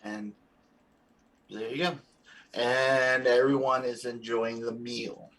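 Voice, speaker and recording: A man running a tabletop game as game master, describing scenes in halting phrases full of fillers. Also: medium pitch, level tone, a bit bright.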